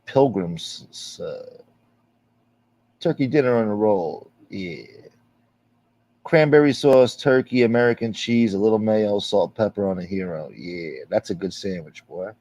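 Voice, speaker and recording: A man's voice: fairly low pitch, unhurried, mellow. A man hosting a casual livestream, reading viewer comments aloud in a rambling, sarcastic, heavily profane way. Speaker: livestream host.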